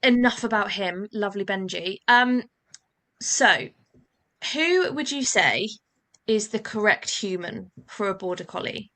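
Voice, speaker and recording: A woman with a bright, forceful voice hosts a casual podcast chat. She tells lively anecdotes and slips into quick character voices for the people and the dog in her stories. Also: mid-range voice. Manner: chatty storyteller, acts out voices in anecdotes. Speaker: podcast host.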